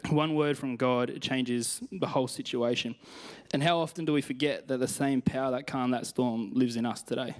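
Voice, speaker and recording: A man's voice: mid-range voice, fairly even intonation, normal speed, few pauses. A young man with an Australian accent preaching a sermon in a chatty, self-deprecating way, telling personal stories and reading scripture. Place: church stage.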